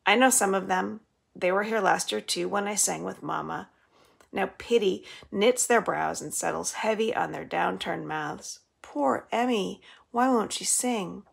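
Librarian lady reading a chapter book, low husky gravelly voice. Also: moderate pace. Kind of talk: reading a novel aloud.

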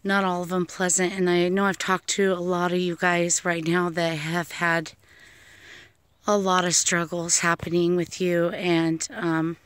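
A woman with a lowish, smooth voice talks in an unhurried, gentle way, like a psychic medium sharing a casual vlog. She is outdoors among trees beside a pond. The sound is dry, with little reflection around her. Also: dry recording. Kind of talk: casual vlog talk and spoken prayer.

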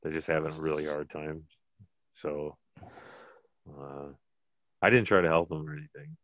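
A man's voice: a bass voice, level tone, moderate pace, fairly bright tone, dry recording. A man co-hosting a casual podcast, talking bluntly and rambling, often laughing at his own jokes. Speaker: podcast co-host. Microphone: podcast mic.

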